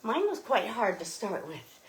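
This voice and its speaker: A woman's voice: mid-range voice, big pitch swings, a little slow. Woman instructor on a bike, a bit winded, cheering you through the ride. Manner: encouraging, coaching cues while pedaling. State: slightly out of breath. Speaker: fitness instructor. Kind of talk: guided cycling workout instruction.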